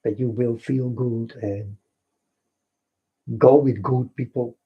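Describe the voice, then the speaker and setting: A man's voice: medium pitch, steady tone, slow, breathy edge. A man with a Dutch accent, a native Dutch speaker, rambling through a spiritual vlog monologue in broken English, repeating himself and calling out to his folks. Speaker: vlogger. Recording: dull lo-fi recording.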